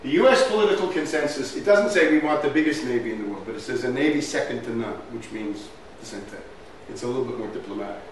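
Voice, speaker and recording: Talking fast and almost without pausing, this medium-pitched man lectures on history over slides with lots of animation. His style is emphatic, full of rhetorical questions and repeated "right?" A far-off mic in a very reverberant hall catches a faint room hum under his voice.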